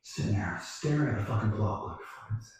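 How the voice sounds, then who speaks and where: Profane man telling a lively story. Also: lowish voice, fairly quick. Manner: profane, animated, acts out other people's lines. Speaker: guest storyteller. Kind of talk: casual storytelling chat. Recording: echoey room, distant mic.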